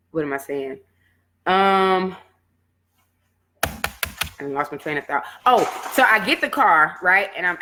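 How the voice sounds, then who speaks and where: A woman fitness coach, telling a personal setback story in casual talk and acting out what she said back then. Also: lowish voice. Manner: animated storytelling, acts out her own past words.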